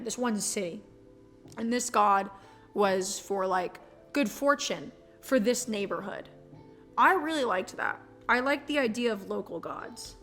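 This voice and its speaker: Young woman streamer rambling and swearing while she plays, voice high and bright. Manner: swears freely, rambling storytelling. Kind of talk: casual chat while playing a game.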